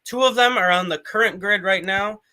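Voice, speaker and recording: A man who writes about motorsport, chatting on a panel with quick, self-aware asides. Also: sits high, bright, forceful tone. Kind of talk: casual panel discussion.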